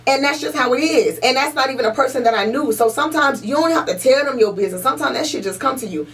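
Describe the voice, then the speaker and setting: A woman's voice: sits high, fast. A young woman co-hosting a podcast in casual chat. She is emphatic and profane and repeats her points for stress. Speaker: podcast co-host. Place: podcast room. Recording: voice a little distant from the mic.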